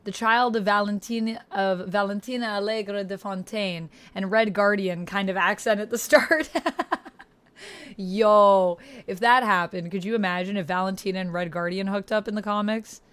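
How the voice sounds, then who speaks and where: A woman's voice: mid-range voice, moderate pace, fairly bright tone. A woman streamer chatting casually while playing a game live, wondering aloud and answering her chat. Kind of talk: gaming livestream commentary.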